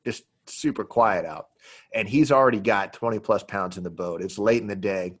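A man's voice: moderate pace, husky. Man telling a fishing story. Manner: animated storyteller, acts out quotes in a high yelling voice. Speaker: podcast host and pro angler. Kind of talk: casual storytelling.

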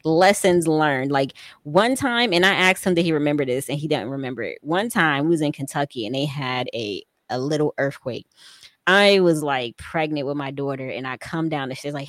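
A woman in her thirties, a military veteran, telling personal stories in a relaxed, animated way, laughing often and acting out quotes. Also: low voice, fairly quick, dry recording, studio quality. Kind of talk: casual podcast storytelling.

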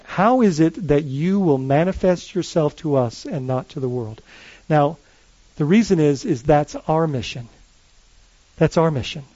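Man, pastor, sermon, high voice, dry muffled sound, chatty storytelling with restarts. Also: no echo. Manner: conversational, animated retelling with many restarts.

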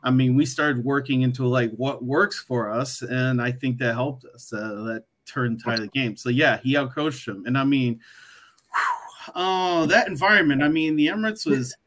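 A man's voice: medium pitch, moderate pace, a bit bright. Rambling man with a worn voice. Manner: rambling, many fillers and restarts. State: losing his voice. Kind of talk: casual chat.

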